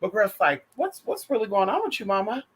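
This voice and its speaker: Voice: mid-range voice, very animated, fast, breathy edge. A vlogger giving sassy, profane, gossipy pop culture commentary, calling the viewer girl and honey.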